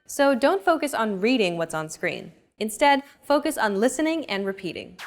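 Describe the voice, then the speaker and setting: A woman's voice: a little high, big pitch swings, moderate pace, a little hiss or hum. Woman hosting a language lesson. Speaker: lesson host. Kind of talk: scripted narration.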